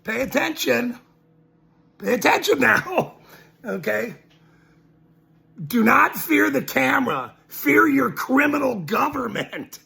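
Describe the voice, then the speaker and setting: A man's voice: extremely high pitch, very animated, slow pace, creaky, pauses often, bright, forceful tone. A man ranting to camera, mocking and laughing between his lines and repeating his points emphatically. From Ireland. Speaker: citizen journalist.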